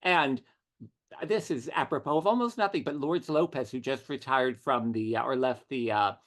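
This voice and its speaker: A middle-aged man, a writer, telling witty anecdotes as an interview guest. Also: mid-range voice. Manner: witty, animated storytelling with quick asides. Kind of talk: conversational anecdotes.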